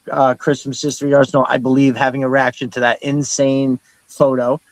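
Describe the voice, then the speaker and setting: A man's voice: mid-range voice, little pitch movement, moderate pace, no room sound, low-quality recording. A middle-aged man hosting a live stream in casual, rambling chat. He reads out viewer comments and greets each viewer as brother. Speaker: host of a live stream show.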